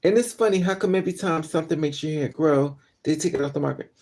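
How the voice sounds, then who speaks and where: A woman's voice: low voice, fast talker, darkish tone. A woman chatting casually on a live stream from her car, telling stories and quoting people in raised voices. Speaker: vlogger.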